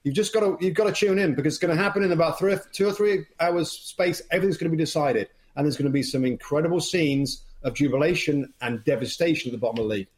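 An Englishman who works as a football broadcaster, a guest on the show, talking in a lively, upbeat way. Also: fairly high pitch, quick pace, hardly any pauses. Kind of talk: casual interview chat.

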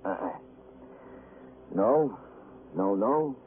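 A man's voice: mid-range voice, lively intonation, drawn-out words. An actor playing a paranoid, hungover male carnival roustabout jailed as a suspect, wheedling and then screaming in panic, in a 1950s radio drama. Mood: nervous. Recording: tinny old radio broadcast with hiss.

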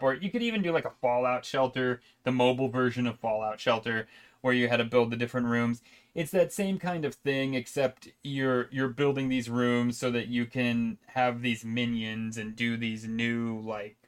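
A man chatting casually about video games on a podcast, rambling with frequent restarts and laughs. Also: mid-range voice. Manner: rambling, laughing, self-interrupting. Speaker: podcast co-host. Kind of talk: casual gaming chat.

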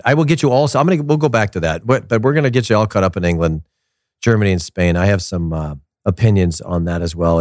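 A man hosting a casual soccer commentary show, opinionated and animated, repeating his points for emphasis. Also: sits low, no room sound, clean studio sound. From United States.

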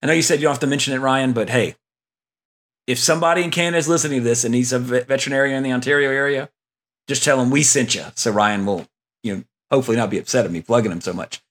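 A man's voice: mid-range voice, racing, a bit bright. A man hosting a casual movie podcast, talking in a rambling way with many fillers and restarts, reading listener emails aloud. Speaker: podcast host.

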